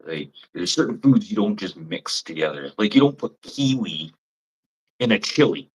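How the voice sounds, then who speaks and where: A Canadian man chatting with viewers on a livestream, blunt and rambling, swearing freely and mimicking people in high mocking voices. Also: sing-song, normal speed, husky, poor audio. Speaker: livestream host. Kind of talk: casual live chat with viewers.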